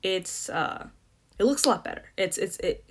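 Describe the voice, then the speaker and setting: A young woman who coaches debate explains things in a casual, chatty, self-deprecating way, full of fillers and restarts. Her voice is medium-pitched and animated, moving at a normal speed.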